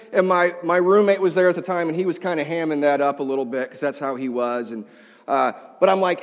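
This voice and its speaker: Middle-aged man, pastor, somewhat high voice, self-deprecating storyteller who acts out quotes, long hall reverb. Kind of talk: storytelling sermon. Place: large hall before a live audience.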